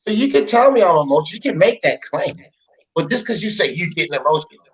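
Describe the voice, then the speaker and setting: A man rants on his live panel show. His voice sits high and swings widely in pitch. He gets heated and profane, repeating lines to drive them home. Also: big pitch swings, quick pace, rough recording. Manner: fired up, repetitive, profane. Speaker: host of a boxing talk show.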